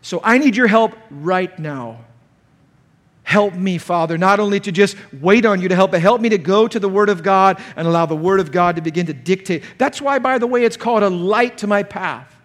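Man, pastor, conference sermon, high voice, animated, echoing hall. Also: fairly quick, hardly any pauses. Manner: animated, acts out quoted speakers in a raised voice. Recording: large hall with long reverb.

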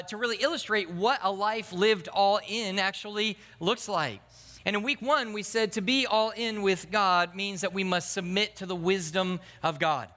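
A man's voice: high-pitched, bright, forceful tone. A middle-aged man preaching a sermon, telling stories and acting out voices with self-deprecating humor. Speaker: pastor. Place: church sanctuary. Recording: long hall reverb.

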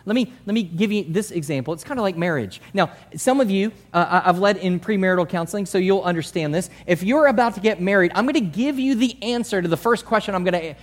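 A male pastor preaching a sermon in a conversational way, swinging from soft asides to loud emphasis. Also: sits high, quick pace, few pauses.

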